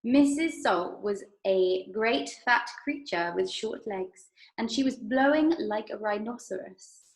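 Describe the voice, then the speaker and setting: Lively English woman reading aloud. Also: medium pitch, unhurried, echoey room. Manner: lively, expressive. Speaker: primary school teacher. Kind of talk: reading a story aloud to children.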